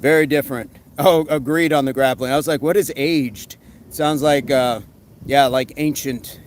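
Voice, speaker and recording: A man hosting a casual live stream, reading comments aloud and giving quick fitness tips in a relaxed way. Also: mid-range voice, slight background noise, rough recording. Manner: relaxed, answers chat questions with quick tips.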